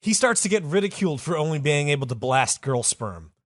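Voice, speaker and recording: A man's voice: on the high side, sing-song, fairly quick, a bit bright, no echo, studio quality. A man co-hosting a comedy podcast, riffing crudely and explaining things in a lecturing way, breaking into laughs. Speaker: podcast co-host.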